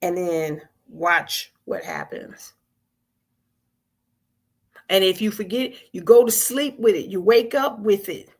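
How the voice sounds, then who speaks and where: A woman's voice: mid-range voice, takes it slowly, long pauses, slightly rough. A woman hosting a weekly spiritual vigil on a live stream, talking informally and earnestly, repeating phrases and coaxing listeners to answer. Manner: colloquial and earnest.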